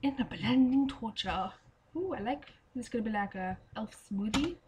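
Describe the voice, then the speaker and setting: A woman playing a game and chatting as she goes, her voice going hoarse, swearing and singing to herself. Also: fairly high pitch, expressive, moderate pace, noisy background. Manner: chatty, swears often, sings and mutters to herself. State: losing her voice. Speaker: gamer. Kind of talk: casual let's play commentary.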